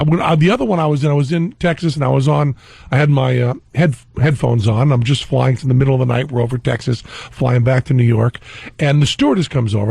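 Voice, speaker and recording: Gravelly, husky man telling a comic story. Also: medium pitch, a little mellow, no echo. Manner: comic, self-amused anecdote telling with frequent laughs. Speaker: radio show guest. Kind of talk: animated storytelling on talk radio.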